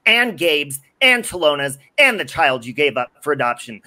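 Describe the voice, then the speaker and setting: A man's voice: on the high side, very animated, normal speed, pushed and bright. A man hosting a livestream, ranting furiously with heavy swearing. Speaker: livestream host. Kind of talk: angry livestream rant.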